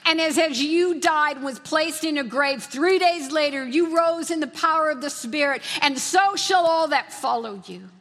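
A woman with a high voice delivers a fervent sermon, driving her points home by repeating phrases. Her voice rings out with a long, lingering reverb, as in a big church sanctuary. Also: normal speed, few pauses, a bit bright. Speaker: preacher. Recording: long reverb of a large hall.

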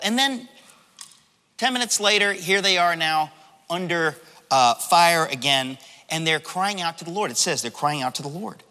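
Bright-voiced preacher in an echoing hall. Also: male voice, fairly high pitch. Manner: animated, dramatizing, conversational. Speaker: pastor. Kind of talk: sermon. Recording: long hall reverb.

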